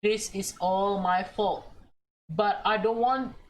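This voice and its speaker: A woman's voice: medium pitch, steady tone, takes it slowly, slight background noise, lightly acted. A woman voicing a guilty young woman who stammers and pleads with her friend. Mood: remorseful.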